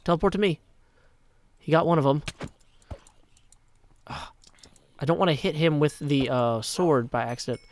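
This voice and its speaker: A middle-aged man from Nashville, chatting casually as he plays a game on a live stream, self-deprecating, and often dropping to a hushed mutter. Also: fairly high pitch, moderate pace, pauses often, dry recording. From Nashville, Tennessee. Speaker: gaming streamer. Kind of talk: casual live gameplay commentary.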